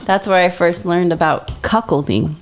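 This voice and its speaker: A woman with a somewhat low voice co-hosts a relaxed podcast conversation. She talks in a chatty way and jumps in with quick asides. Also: a little hiss or hum. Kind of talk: casual podcast chat.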